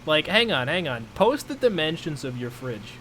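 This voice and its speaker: A man's voice: on the high side, normal speed, slight background noise. Rambling young man chatting on stream. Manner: relaxed, rambling, full of fillers. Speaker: streamer host. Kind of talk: casual chat on stream.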